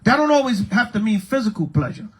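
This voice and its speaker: A man preaching a lively street-style sermon, calling for responses from the congregation. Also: sits high, fast talker, husky. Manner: animated, preaching with call-and-response. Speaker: priest.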